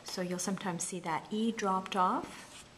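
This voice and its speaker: A woman's voice: medium pitch, steady tone, a little slow, a bit bright, a little hiss or hum. A woman teaching a university English lesson, explaining verse rhythm and chanting stress patterns aloud. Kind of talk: recorded lecture.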